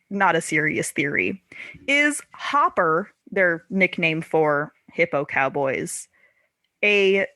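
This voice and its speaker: Woman podcast host, low and animated, dry close sound, laughs a lot while chatting about books. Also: dry recording. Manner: laughs often, self-correcting. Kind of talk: casual book discussion.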